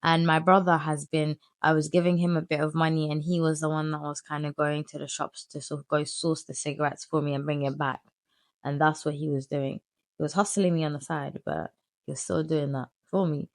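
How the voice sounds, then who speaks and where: A young woman telling her life story in a candid, animated vlog, full of slang and crude asides. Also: low voice, a little fast, dry recording, clean studio sound. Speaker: vlogger.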